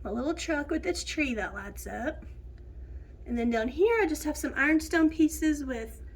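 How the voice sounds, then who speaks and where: Middle-aged woman, stuffy nose from a cold, chatty and homey, slightly high voice, casual house tour. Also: animated, moderate pace. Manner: chatty, homey, lists items one by one. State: nasal from a cold, sniffling. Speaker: home decor vlogger. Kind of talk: casual home tour narration.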